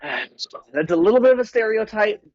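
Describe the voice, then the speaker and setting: A man playing in a tabletop game, who talks quickly and casually with jokes. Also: sits high, sing-song, no echo, lo-fi sound. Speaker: player.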